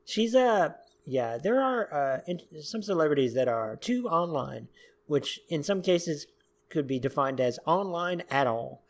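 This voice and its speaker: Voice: medium pitch, animated, a little slow. Podcast host chatting, laughing along. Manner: laughs along, riffs with mock quotes. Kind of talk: casual chat.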